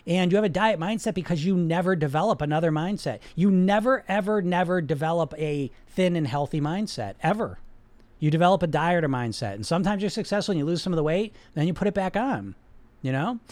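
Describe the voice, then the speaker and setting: Male host, high voice, dry close mic; blunt, profane, emphatic unscripted coaching talk. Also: expressive, brisk, a little mellow, dry recording. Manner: blunt, emphatic, profane, repeats words for stress. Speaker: weight-loss coach and podcast host. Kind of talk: unscripted coaching monologue to a live chat.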